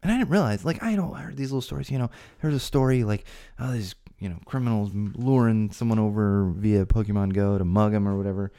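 Low mellow-voiced podcast host. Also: male voice, fast, hardly any pauses. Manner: chatty, rambling, jokey asides. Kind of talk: casual solo podcast talk. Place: home studio.

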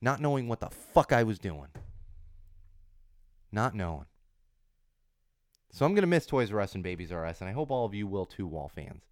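A man in his thirties with a hoarse voice from a cold, hosting a podcast in a casual, rambling monologue with lots of restarts and emphatic repeats. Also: on the low side, sing-song, normal speed, long pauses, no room sound, clean studio sound. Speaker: podcast host.

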